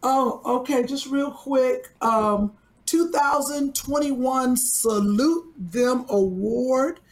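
A woman co-hosting a talk show, chatting in a relaxed way with many fillers. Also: high-pitched, takes it slowly. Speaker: co-host. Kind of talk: casual chat.

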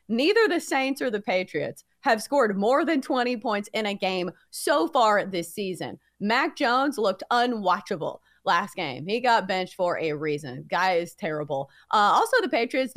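A woman's voice: medium pitch, no room sound, clean studio sound. A woman co-hosting a sports betting podcast, teasing the others and running through the picks. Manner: lively, teasing, runs the recap. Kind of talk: casual sports betting talk.

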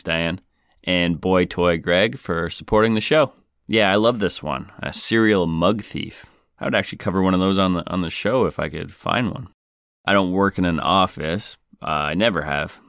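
A man hosting a podcast, reading out listener mail and reacting with wry, deadpan asides. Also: low-pitched, clear, resonant tone, no echo, studio quality. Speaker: podcast host.

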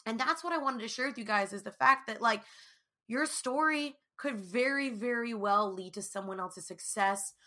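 A woman's voice: on the high side, moderate pace, bright, forceful tone. A young woman hosting a faith podcast, talking through a personal story in a chatty way, full of "like" and "you know". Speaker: podcast host. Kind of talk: casual faith podcast monologue.

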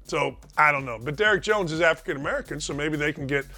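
A man's voice: on the high side, fast, sharp tone. A middle-aged man from Indiana hosting a sports talk show, emphatic and rambling, repeating words for stress.

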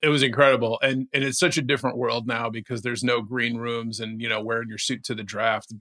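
A man co-hosting a casual sports podcast, telling stories in an animated way and laughing often. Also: on the low side. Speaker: podcast co-host.

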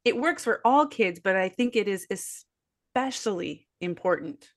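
A woman's voice: medium pitch, expressive, a little slow. A woman who is the mother of boys, speaking earnestly on a parenting podcast. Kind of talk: casual podcast conversation.

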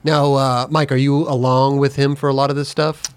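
A man's voice: mid-range voice, flat delivery, fairly quick, clear, resonant tone, no echo. A man hosting a podcast, asking short questions in casual interview chat. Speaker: podcast host.

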